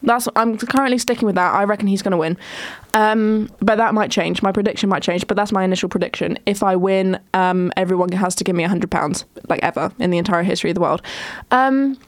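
A woman's voice: medium pitch, fairly quick, dry recording. A young woman, hosting a casual solo chat show, rambling with lots of ums and restarts. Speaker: podcast host.

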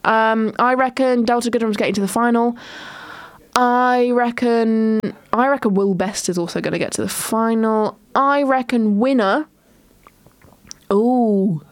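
A woman's voice: on the high side, unhurried, no room sound. A young woman, hosting a casual solo chat show, rambling with lots of ums and restarts. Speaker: podcast host.

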